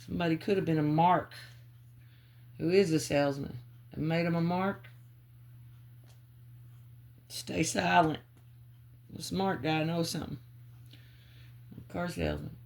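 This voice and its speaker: A woman giving a channeled psychic reading, calling on spirit and muttering names and clues in halting bits. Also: deep voice, expressive, gravelly, darkish tone, slight background noise. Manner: halting, muttering free association. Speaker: psychic reader.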